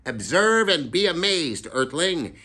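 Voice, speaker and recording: A small, fiercely clever boy who talks as if reading from a dictionary, every word formal and exact. A man puts him on in a storybook reading, lifting his voice well above his usual low register and speaking out more strongly. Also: sing-song, measured pace, pushed and bright, full character voice. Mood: grandiose. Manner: formal, lofty, precise wording. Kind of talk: reading a novel aloud.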